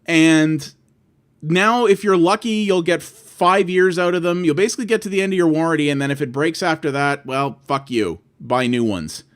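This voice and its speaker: Casting: Canadian guy in his thirties, exasperated ranter, mid-high voice, swears a lot. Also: normal speed. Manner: exasperated, swearing, acts out both sides of phone calls. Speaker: vlogger. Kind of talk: ranting monologue.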